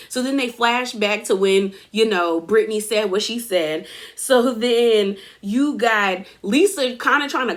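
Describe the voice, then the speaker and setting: A woman's voice: mid-range voice, a bit bright. A woman recapping a reality TV episode in a gossipy, casual way, acting out quotes and laughing often.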